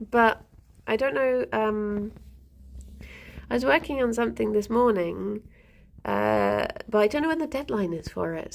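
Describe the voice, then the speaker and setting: Slow, gravelly woman cooing at pets. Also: a little high. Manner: soft cooing baby talk to her rabbits. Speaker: livestreamer. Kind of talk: casual livestream chat.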